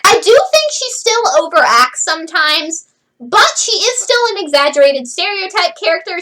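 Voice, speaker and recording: A woman reviewing a show in a casual, sarcastic way, her high voice swooping up and down as she goes. She has a bright, sharp tone and keeps dropping "like" into her sentences. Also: rough recording. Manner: chatty, sarcastic, lots of "like" fillers. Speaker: host reviewing a TV series.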